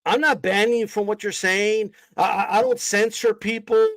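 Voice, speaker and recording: A man's voice: high-pitched, fairly even intonation, normal speed, a bit bright, dry recording, rough recording. A man ranting on a live stream, cursing and confronting his chat in a mocking, combative way. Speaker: boxing streamer. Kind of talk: heated live-stream rant.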